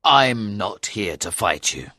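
A man's voice: on the low side, big pitch swings, slow, sharp tone, no room sound, clean studio sound, full character voice. A man voicing a defeated knight in a storybook reading, speaking sorrowfully with a rise and fall. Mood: sad. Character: defeated old knight, sad and beaten.

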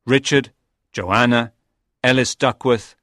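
A man narrating a simple storybook slowly and deliberately. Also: medium pitch, steady tone, a bit bright, dry recording, studio quality. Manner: slow and deliberate.

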